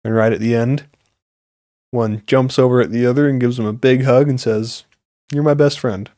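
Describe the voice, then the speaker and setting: A man's voice: mid-range voice, steady tone, normal speed, dark tone, no room sound, clean studio sound. A young man hosting a podcast, rambling on earnestly in a casual chat, with many fillers. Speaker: podcast host.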